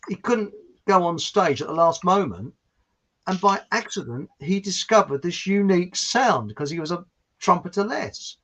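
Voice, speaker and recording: A man with a southern English accent telling chatty, animated stories as a guest on a video call. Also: high voice, husky. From southern England. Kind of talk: casual chat on a video call. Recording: muffled video call audio.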